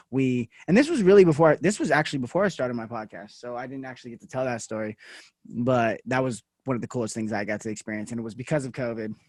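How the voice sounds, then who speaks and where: A man's voice: medium pitch, a little mellow, no echo. A man hosting a podcast, chatting in a laid-back way. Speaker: podcast host. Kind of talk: casual chat.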